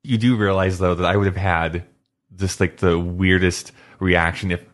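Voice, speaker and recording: A man's voice: low voice, steady tone, normal speed. A man guest on a podcast, chatting casually and sounding wry and opinionated. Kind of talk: casual chat.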